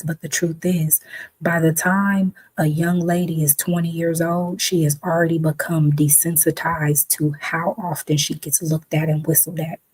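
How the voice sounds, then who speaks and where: Low husky woman talking with emphasis. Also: darkish tone. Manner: emphatic, conversational, acts out quoted voices. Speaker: host. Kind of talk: reflective talk.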